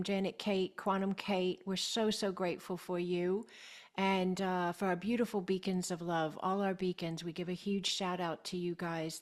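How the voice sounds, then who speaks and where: Effusive woman hosting a call. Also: fairly low pitch. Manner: effusive, repeats praise, laughs often. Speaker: host. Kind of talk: warm celebratory interview on a video call. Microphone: video call.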